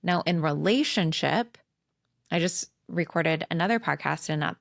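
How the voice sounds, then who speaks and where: A woman's voice: low-pitched, normal speed, vocal fry, no room sound, clean studio sound. A woman in her forties hosting a podcast, talking frankly and casually with lots of "like" and some swearing, acting out quoted conversations. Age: 40s. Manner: candid and profane, fillers of "like", animated re-enacting of quotes. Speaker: podcast host. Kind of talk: casual spiritual self-help monologue.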